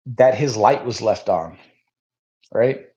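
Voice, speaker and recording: A man's voice: lowish voice, takes it slowly, dull audio. Hesitant man musing in a podcast chat. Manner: thoughtful, hesitant, trailing off softly. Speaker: podcast co-host. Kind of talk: casual podcast discussion.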